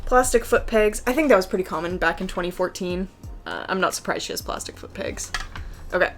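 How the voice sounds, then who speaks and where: A young woman chatting excitedly at home as she unboxes collectible figures, with lots of "like" in her talk. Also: on the low side, fairly quick. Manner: excitable and chatty, heavy use of "like". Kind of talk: casual unboxing chat. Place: home room with a PC.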